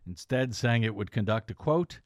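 A man's voice: lowish voice, animated, dry recording. Guy doing political news commentary, sarcastic, lots of uh's, dead dry mic, no room at all. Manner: sarcastic, halting with frequent "uh" fillers.

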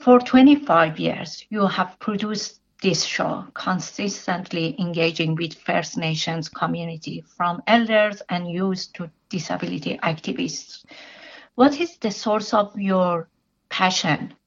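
A woman interviewing a guest for radio, asking questions in a measured, attentive way. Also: on the low side, gravelly. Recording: dull lo-fi sound.

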